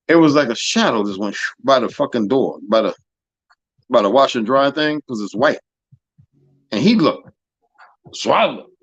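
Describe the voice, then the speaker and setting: A man hosting a live stream, telling stories in a profane, animated way that swings from loud to soft. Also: a little high, creaky, dry recording, dull audio. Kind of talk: casual storytelling chat.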